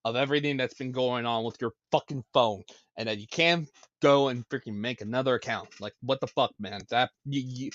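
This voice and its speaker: A man's voice: mid-range voice, brisk, a bit bright, no room sound, muffled recording. A man hosting a casual live-stream talk show, ranting and stammering as he repeats himself over and over. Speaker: show host.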